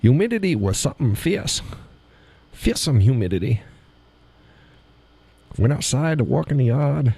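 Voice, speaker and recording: A man putting on an exaggerated New Hampshire accent as a local griping about the heat, in a strained, squeaky drawl. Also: very animated, measured pace, gravelly, long pauses, mellow, slightly rough, no echo, full character voice. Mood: mock-griping.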